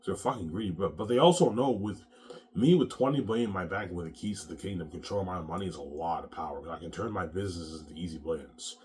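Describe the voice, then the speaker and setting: A man with a very deep, low-pitched voice delivers a rambling monologue. He trips over repeated words, restarting again and again, and swears freely as he goes. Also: quick pace, a little mellow, slight background noise. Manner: repetitive, stammering, profane.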